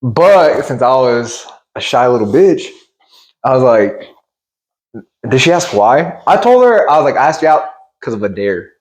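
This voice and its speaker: A young man co-hosting a podcast, telling a school memory in animated, joking casual chat. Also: medium pitch, unhurried, rough recording. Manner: animated, joking storytelling with laughs. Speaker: podcast co-host.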